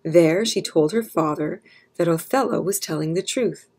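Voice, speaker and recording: Woman storyteller, husky, low, mellow, steady children's audiobook narration. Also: normal speed. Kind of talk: scripted narration.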